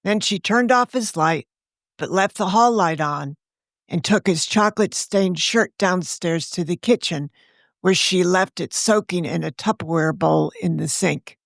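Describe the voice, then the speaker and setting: Woman reading her own story, wry and measured, gravelly lowish voice, dry close sound. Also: no echo. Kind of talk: scripted storytelling narration.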